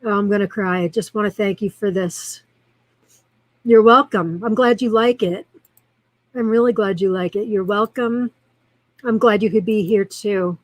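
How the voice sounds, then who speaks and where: A woman's voice: mid-range voice, normal speed, long pauses, dry recording, rough recording. A woman hosting a live-streamed show, chatting casually in a rambling way and reacting to viewer comments as she reads them aloud.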